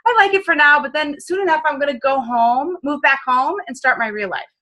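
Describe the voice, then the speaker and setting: A woman's voice: fairly quick, sharp tone. A woman voicing a casual, cocky young man from the city in a quoted aside. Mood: breezy. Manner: high, breezy, offhand quoting. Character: casual young New York guy, breezy and cocky.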